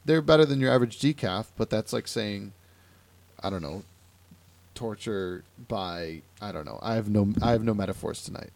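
A young man from Ohio hosts a podcast, telling stories in casual conversation and animatedly acting out the people he quotes. His voice is fairly low and gravelly, moving at a moderate pace, with slight background noise.

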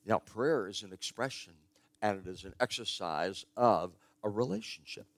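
A man's voice: lowish voice, animated, moderate pace, no room sound. An older man preaching a sermon in a conversational, storytelling way, stressing his key points. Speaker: pastor.

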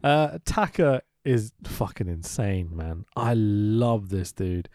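A man's voice: fairly low pitch, expressive, slow, darkish tone, no room sound, clean studio sound. A man co-hosting a casual podcast, joking, laughing a lot and reading from his notes. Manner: jokey, laughs often, reads notes aloud. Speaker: podcast co-host. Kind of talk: casual chat recapping a wrestling show.

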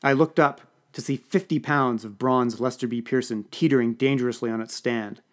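A man narrating a first-person comic story for an audiobook podcast, with a dry, deadpan delivery. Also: medium pitch, moderate pace.

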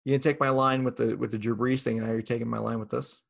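Playful guy hosting fantasy football chat, gravelly voice. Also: mid-range voice, flat delivery, fast talker. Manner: playful, teasing, runs the list. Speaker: podcast host.

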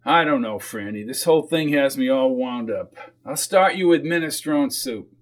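A man's voice: mid-range voice, moderate pace, lightly acted. A man voicing a weary, dry-humored small-town football coach in an audiobook.

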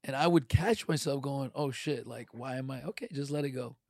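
A middle-aged man in casual podcast chat, animated and acting out quoted voices. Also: medium pitch, fairly quick, gravelly, no echo, clean studio sound.

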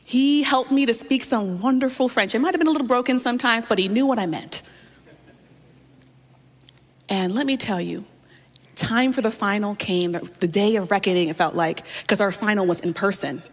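A woman's voice: medium pitch, normal speed, long reverb tail. A woman pastor preaching a sermon, telling a personal story and often speaking straight to her listeners.

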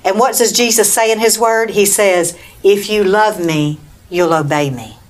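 A woman's voice: mid-range voice, unhurried. A woman preaching a Bible lesson, reading scripture aloud and calling "Amen?" to her listeners. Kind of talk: bible teaching talk.

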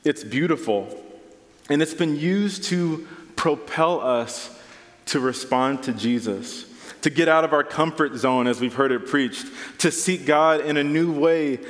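A man's voice: fairly high pitch, a little slow. Man preaching in a reverberant hall. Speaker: pastor. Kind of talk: sermon.

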